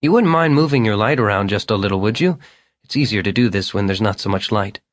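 A man's voice: on the low side, fast talker, no room sound, natural voice. A man voicing an eager, talkative young man whose lines come out raised and insistent. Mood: curious. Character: eager chatty young man, upbeat and earnest.

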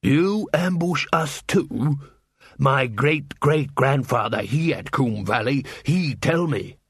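A hulking, slow-witted troll, played by a male narrator, threatening in broken grammar. The words come very slowly and heavily, with a changed timbre. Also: medium pitch, fairly bright tone, husky, no room sound, clean studio sound, exaggerated voice.

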